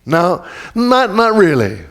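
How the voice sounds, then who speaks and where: A man's voice: high voice, very animated, slow pace, fairly bright tone. A man preaching a conversational sermon as pastor. He talks informally, restarts sentences often and keeps asking the congregation questions.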